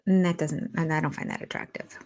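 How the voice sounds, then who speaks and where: An older woman hosting a casual live stream from home. She chats and thinks aloud as she reads viewer comments, and often drops into soft half-whispered asides. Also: low voice, fairly even intonation, a little fast. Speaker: reality TV livestream host.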